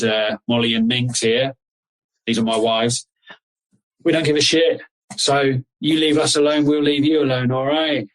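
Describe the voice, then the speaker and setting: A man's voice: medium pitch, a bit bright, natural voice, low-quality recording. A man voicing a crude, territorial one-eyed alpha wolf with a West Country accent in an improvised tabletop game, swearing and brash. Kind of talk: improvised tabletop role-play.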